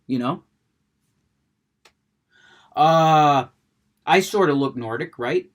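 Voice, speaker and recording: A man's voice: fairly high pitch, animated, unhurried, pauses often. Rambling man who stammers and restarts. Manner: stammering restarts, frequent cursing, trailing off. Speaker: gaming vlogger. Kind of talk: rambling casual monologue.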